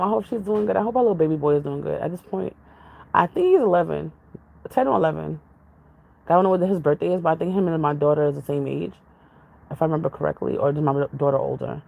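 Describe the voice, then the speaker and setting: A woman's voice: lowish voice, fairly quick, creaky, mellow, rough recording. A woman vlogger in casual, rambling chat with her viewers, jumping from topic to topic. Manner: jumps from topic to topic, chatty, laughs often.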